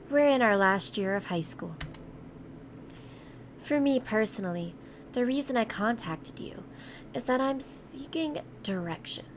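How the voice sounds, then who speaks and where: A woman voicing a polite, eager female high-school student. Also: a little hiss or hum. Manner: polite, a bit over-eager.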